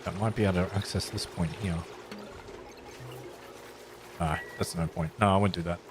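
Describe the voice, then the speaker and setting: Low-voiced man streaming a game. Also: fairly even intonation, moderate pace, background noise. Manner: thinks aloud while building, chats playfully with viewers. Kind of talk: casual live-stream commentary.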